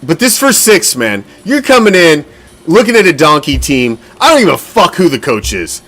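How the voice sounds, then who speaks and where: A man's voice: on the high side, sing-song, moderate pace, a bit bright. A man hosting a football fan show, talking casually, bluntly and with a lot of profanity, and getting winded as he goes. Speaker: podcast host.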